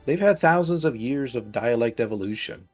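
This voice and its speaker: A man chatting casually on a game stream, animated and quick to laugh, talking about his own storytelling. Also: medium pitch, soft background music.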